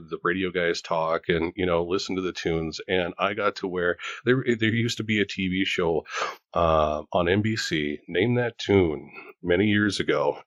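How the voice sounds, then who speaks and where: A man's voice: deep voice, no echo. A man in his forties hosting a casual chat, talking in a rambling, joking way. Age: 40s. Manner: chatty, rambling, self-joking. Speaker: host.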